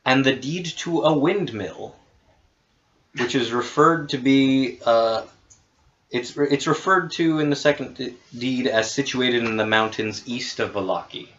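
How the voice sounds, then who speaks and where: A man runs a tabletop game as its master, narrating loot and lore and ribbing his players, swearing now and then. His voice sits at an everyday middle pitch. The recording sounds dull and lo-fi. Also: a bit bright. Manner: wry, teasing, swears casually. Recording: dull lo-fi audio.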